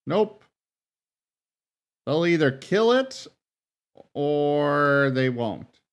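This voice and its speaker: A man's voice: fairly high pitch, very animated, extremely slow, clean tone. A man playing a game on stream, reacting aloud to it in a playful, casual way. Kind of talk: casual let's-play commentary.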